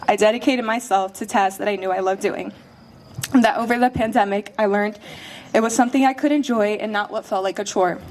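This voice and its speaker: A teenage young woman speaks a personal graduation speech with heartfelt earnestness. Her voice has a middling pitch and an even, sincere delivery. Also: fairly quick, a little hiss or hum. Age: late teens. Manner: heartfelt, earnest, a little emotional.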